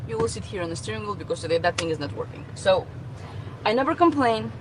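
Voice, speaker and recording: Woman, fed-up car rant to a phone, swearing, mid pitch, light road noise. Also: lively intonation, fast talker. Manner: exasperated, swearing, rising to outbursts. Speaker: nail tech venting as a customer. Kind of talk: casual rant to phone camera.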